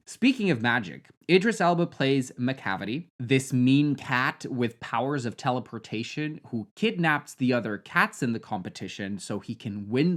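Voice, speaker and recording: A young man sarcastically reviews a film, trailing off into deadpan mutters and then jumping to loud, high-pitched outbursts.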